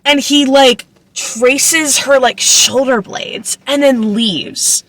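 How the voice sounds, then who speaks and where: A woman's voice: high-pitched, slow pace, fairly bright tone, no echo. A woman in her twenties recapping a book casually, chatty and incredulous, full of fillers and swearing. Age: 20s. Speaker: book vlogger.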